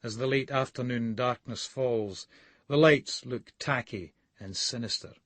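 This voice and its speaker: Scottish male audiobook reader, gritty and sardonic, mid-pitched, dead-dry booth. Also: a little slow, dry recording. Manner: sardonic, gritty storytelling with shouted outbursts. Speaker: audiobook narrator. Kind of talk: first-person novel narration.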